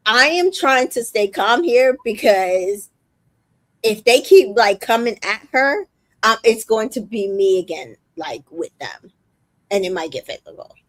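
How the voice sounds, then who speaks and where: A woman's voice: a little high, no echo. A woman hosting a casual recap chat, retelling scenes with lots of swearing and filler words. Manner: retells scenes quoting people, swears freely, many fillers. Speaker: recap podcast host.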